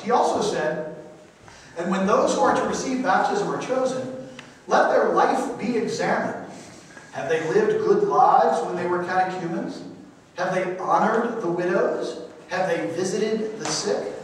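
A man's voice: high-pitched, slight background noise. A male priest teaching a church education class, reading quotations aloud and putting questions to his listeners. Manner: reads quotes aloud, asks the class questions. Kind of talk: church adult-education lecture. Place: church hall. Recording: echoey hall, mic far off.

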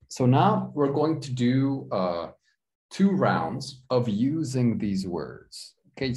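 A man's voice: medium pitch, vocal fry, darkish tone. A man teaching an online English class, encouraging and explaining with examples. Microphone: video call.

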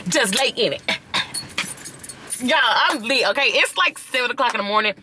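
A young woman talking casually to her camera, excited, slangy and swearing, with loud bursts and laughter. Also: on the high side, moderate pace, long pauses, noisy background. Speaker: vlogger. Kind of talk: casual vlog chat to camera.

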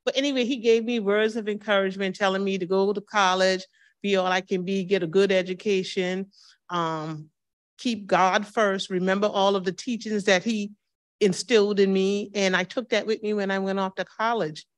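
A woman's voice: mid-range voice, steady tone, moderate pace. A woman in her fifties, a church member, telling personal memories of her pastor and acting out the dialogue with laughs. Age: 50s. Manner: warm storytelling, acts out dialogue with laughs. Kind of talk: personal testimony at a reading circle.

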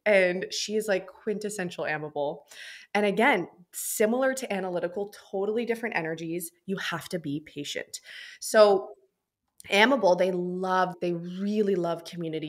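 A young woman with a slightly low voice talks business as a podcast guest. She is chatty and animated, and she throws her pitch around when she acts out small scenes. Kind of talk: casual interview talk.

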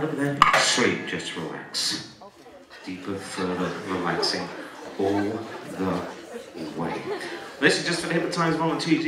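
A man working as a stage hypnotist at a live comedy show, playful with volunteers and dropping to a slow soothing murmur for trance suggestions. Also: medium pitch. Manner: energetic and teasing with volunteers. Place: college auditorium stage. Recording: echoey hall from far off, audience laughter. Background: laughing audience.

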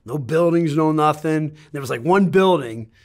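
A man's voice: fairly high pitch, expressive, normal speed. A man telling a travel story in a rambling, casual way, swearing often and stammering as he restarts his sentences. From United States. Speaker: interviewee.

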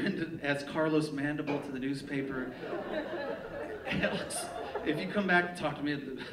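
A man telling a personal story live on a theater stage, animated and profane, laughing at his own tale. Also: on the high side. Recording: echoey live theater sound, mic from a distance. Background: audience laughter and room ambience.

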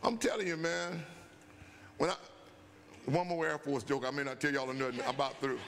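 An older man, a bishop and pastor, preaching at a Bible study and telling stories that climb into shouts, in a church sanctuary. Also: mid-range voice, steady tone, moderate pace, gravelly. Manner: storytelling preacher, rising to shouts. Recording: long church-hall reverb.

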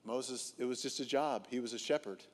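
A man's voice: medium pitch, moderate pace. A man preaching a sermon as a guest speaker, telling stories with comic timing and acting out what people said. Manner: comic, animated storytelling with acted-out dialogue. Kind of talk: humorous sermon storytelling. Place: church auditorium. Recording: long reverb of a large hall.

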